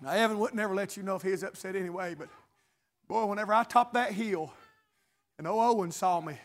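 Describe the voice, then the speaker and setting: A man preaching a sermon, swinging between shouted, chanted lines and hushed storytelling. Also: high voice.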